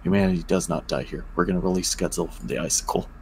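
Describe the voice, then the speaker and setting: Man reading as a defiant head of government rallying allies; low, rough voice. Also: very fast, background noise. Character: determined male prime minister.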